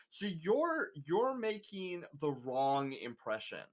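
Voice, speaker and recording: This streamer's voice sits on the high side and swoops wildly in pitch, moving slowly with few pauses. Joining a podcast by remote voice call, he casually hands out earnest, emphatic advice, padded with plenty of filler words.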